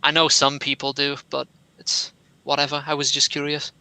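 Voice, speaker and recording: A man's voice: a little high, completely flat delivery, moderate pace, pushed and bright, smooth, no echo, rough recording. A young British man with a somewhat posh accent, chatting casually as a podcast co-host in a dry, wordy way. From England. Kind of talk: casual chat.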